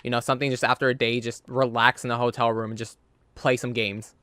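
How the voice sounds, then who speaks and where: A man in casual chat who talks bluntly, swears freely and gets louder when worked up. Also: mid-range voice, level tone, fast, clean tone, dry recording. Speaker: podcast co-host.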